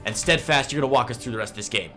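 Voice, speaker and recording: A man's voice: medium pitch, rapid-fire, bright, forceful tone, soft background music. A man with a Midwestern American accent casting an esports match, chatty and joking. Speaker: esports caster. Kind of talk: play-by-play commentary.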